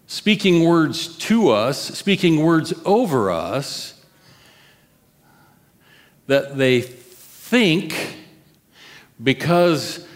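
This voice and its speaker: A male pastor preaches in a conversational, expressive way and often turns to his listeners with questions. He speaks slowly and deliberately at a mid pitch, and his voice rings in a long hall reverb. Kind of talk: sermon.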